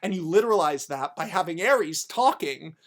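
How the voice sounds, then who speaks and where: A podcast host pitching a story idea in a comedic, rambling way, profane and animated. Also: moderate pace.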